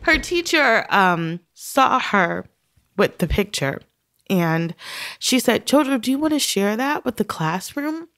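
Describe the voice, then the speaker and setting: A woman's voice: a little high, sing-song, slow, a bit bright, dry recording, studio quality. A woman guest in a conversational interview, a mother telling stories and laughing often between phrases. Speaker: podcast guest; mother of young children.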